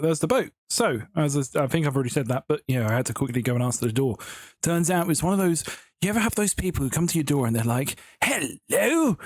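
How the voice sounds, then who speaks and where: A man's voice: fairly high pitch, no echo. A man casually chatting and rambling through stories while building in a video game at home. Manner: chatty, rambling, giggly storytelling. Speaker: Minecraft building YouTuber. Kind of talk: casual gameplay commentary.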